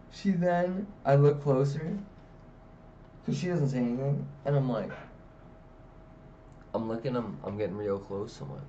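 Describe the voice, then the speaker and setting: A man rambles through a raunchy story, swearing freely and jumping into loud, high acted-out quotes. He sits a little off the mic, and the recording sounds dull and lo-fi under a faint hiss. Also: a little slow, pauses often, recorded from a distance. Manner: rambling, profane, animated, acts out quotes with loud pitch jumps. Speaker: comedy storyteller. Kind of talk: casual storytelling monologue.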